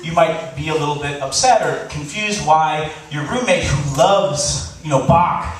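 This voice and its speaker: A man telling a funny personal story on stage before a live audience, animated and laughing, acting out the voices he quotes. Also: fairly high pitch, unhurried, distant mic. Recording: echoey live hall recording, faint hiss.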